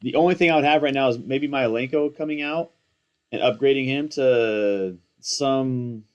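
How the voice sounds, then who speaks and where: An excitable young man talks through his picks in loose, slangy commentary, hyped up on coffee and rambling from thought to thought. His voice sits at an everyday middle pitch, and he mocks himself as he goes. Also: moderate pace, lo-fi sound. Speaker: fantasy football content creator. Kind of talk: casual live commentary.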